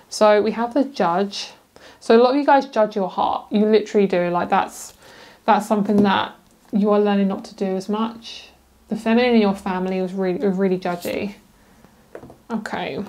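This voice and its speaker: A woman's voice: medium pitch, darkish tone. A young British woman giving a casual, rambling tarot reading, chatty and giggly, with many fillers. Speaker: tarot reader.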